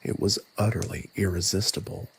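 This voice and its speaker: A man narrating a scripted story in a soft, hushed, evenly paced reading voice. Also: sits low, little pitch movement, a little fast, gravelly, a little hiss or hum.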